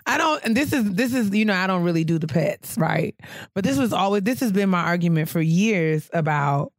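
A woman co-hosting a podcast in casual chat, telling a story with lively asides and acted-out voices. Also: fairly low pitch, a little fast, no echo. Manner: animated storyteller, acts out quoted voices. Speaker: podcast co-host.

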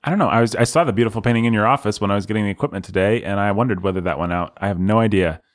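A man's voice: fairly low pitch, rapid-fire. A man co-hosting a podcast, casually chatting and reading out names with playful flourishes. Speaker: podcast co-host.

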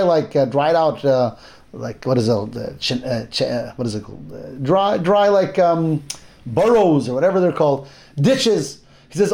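A man with a high, mellow voice leads a relaxed Torah class, retelling a Bible story conversationally. He uses fillers and restarts as he talks and acts out the quoted lines.

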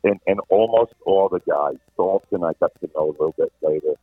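Speaking fairly quickly, a middle-aged man who is a veteran sports radio host appears as a guest for a casual storytelling chat. His very low, husky voice comes through a thin, phone-like line in a dry recording with no room sound. He is animated and anecdotal, frequently restarting sentences.

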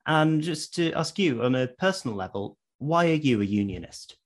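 Measured male interviewer. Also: mid-range voice, expressive. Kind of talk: interview questions.

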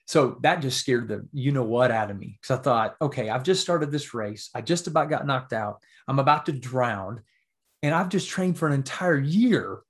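A middle-aged man telling a story on a podcast, his voice sitting at an ordinary middle pitch. He talks in an earnest, heartfelt way and checks in with his listener now and then. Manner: earnest, emotional storytelling with frequent "right?" asides. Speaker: podcast guest, author.

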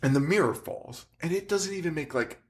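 A man's voice: fairly high pitch, lively intonation, brisk. A man co-hosting a horror movie podcast, retelling scenes animatedly with frequent laughter. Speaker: podcast co-host. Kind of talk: casual movie chat.

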